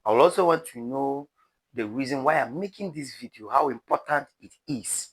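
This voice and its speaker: A man's voice: medium pitch, expressive, moderate pace, breathy edge. A man with a Nigerian accent giving dramatic, pleading commentary to his viewers as a news vlogger. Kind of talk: animated commentary to camera.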